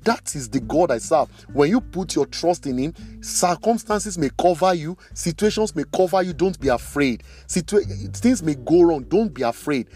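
A man preaching a sermon, emphatic, slowing down to stress key phrases. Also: on the high side, expressive, a little mellow, faint music behind.

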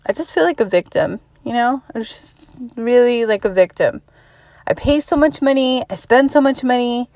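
A woman's voice: expressive, moderate pace, darkish tone, no echo. A woman in her thirties delivering a profane, exasperated comedic rant about parenting. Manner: exasperated, swears constantly, mimics others in high voices.

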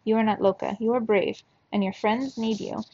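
A woman reading the lines of a timid young boy in a quiet, hushed voice. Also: a little high, steady tone, moderate pace, husky, no room sound, muffled recording. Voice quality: soft, hushed.

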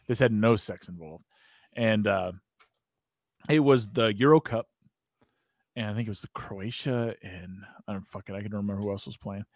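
A man's voice: fairly low pitch, moderate pace, long pauses, dry recording, clean studio sound. A man with an American accent, hosting a podcast and telling a long, profane, rambling story in casual chat, often breaking into laughter. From United States. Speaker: podcast host.

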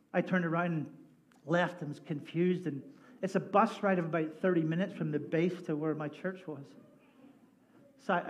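A male pastor with a fairly high voice preaches a lively sermon. He tells stories with humor and slips into voices for the people in them. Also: a little hiss or hum. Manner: animated, jokey, acts out voices in his stories. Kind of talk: sermon with storytelling. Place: church sanctuary.

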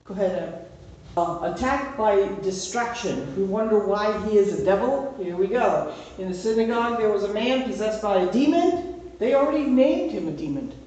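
A woman's voice: medium pitch, lively intonation, normal speed, warm tone, a little hiss or hum. Woman, Bible study teacher, conversational, keeps asking okay, very echoey, distant from the mic. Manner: conversational, checks in with frequent "okay?". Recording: very echoey room, voice far from mic.

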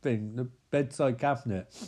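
A man's voice: medium pitch, fairly even intonation, moderate pace, warm tone. A man recapping a film in a sarcastic, sweary, mocking way, with exasperated sighs. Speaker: film reviewer.

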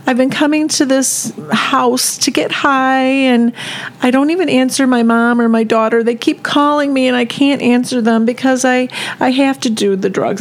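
A woman's voice: on the low side, mellow, lightly acted. A woman acting out the tearful, pleading voice of a desperate woman living on the street.

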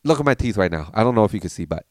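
A man's voice: on the low side, rapid-fire, no echo, studio quality. A man casually telling stories about his childhood and acting out how his family spoke. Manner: animated, acts out family members while telling stories. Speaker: podcast storyteller. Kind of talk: casual storytelling.

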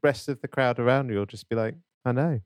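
A man's voice: mid-range voice, fast talker, clean tone, no room sound, clean studio sound. A man co-hosting a comedic podcast chat, asking rambling, incredulous questions and laughing often.

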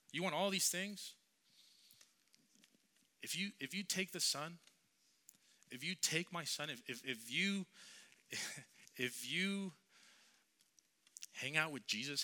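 A man voicing a gentle, fatherly God who speaks in soft, pleading invitations. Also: on the high side, slow pace, pauses often, heavily acted. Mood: tender.

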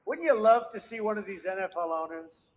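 Guy at a podcium, high pitched for a man, combative, keeps repeating himself. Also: lively intonation, brisk, very noisy. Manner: combative, repetitive, dismissive. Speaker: president at a press conference. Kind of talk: speech and press conference remarks.

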